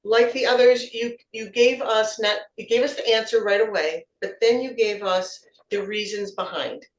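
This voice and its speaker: A woman's voice: a little high, steady tone, normal speed, recorded from a distance, muffled recording. A woman giving encouraging feedback on impromptu speeches at a club meeting, often repeating words as she finds her phrasing. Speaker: table topics evaluator. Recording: echoey room, voice from away from the mic.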